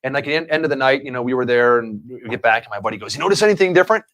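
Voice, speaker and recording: A man's voice: medium pitch, rapid-fire, a bit bright. A man hosting a casual live stream, telling long rambling anecdotes between chat with his co-host. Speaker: livestream show host.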